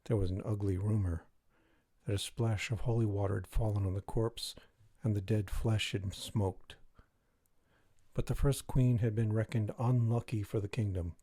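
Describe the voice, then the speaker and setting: A man reading a dark fairy tale aloud in a measured, even way. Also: fairly low pitch, no echo. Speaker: reader. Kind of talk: storybook reading.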